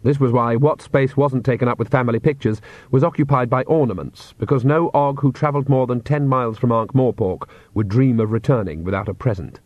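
A man's voice: medium pitch, fairly quick, few pauses, a little mellow, no room sound. Man narrating a wry storybook. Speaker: audiobook narrator. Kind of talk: scripted narration. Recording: dry, slightly dull studio read.

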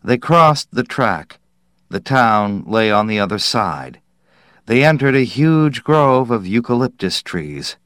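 A man reading a story aloud in a measured, deliberate narration. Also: mid-range voice, big pitch swings, a bit bright, no room sound, clean studio sound. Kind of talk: scripted audiobook narration.

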